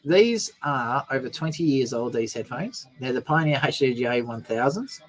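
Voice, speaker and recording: A man's voice: medium pitch, animated, normal speed, soft background music. A man co-hosting a radio show, cheeky and playful, boasting in jest. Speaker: radio co-host. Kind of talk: casual radio banter.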